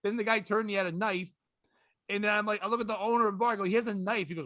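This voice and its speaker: A man, a comedian guest, telling a story with casual profanity and deadpan delivery on a podcast. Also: high voice, rapid-fire, dry recording, studio quality.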